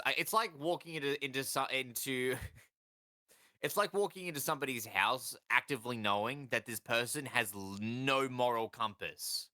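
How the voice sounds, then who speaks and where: A man's voice: mid-range voice, normal speed, bright, forceful tone, dry recording, studio quality. A man co-hosting a casual podcast, joking around and slipping into silly voices. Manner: jokey, acts out silly voices for fish. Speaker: podcast co-host. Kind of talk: casual chat.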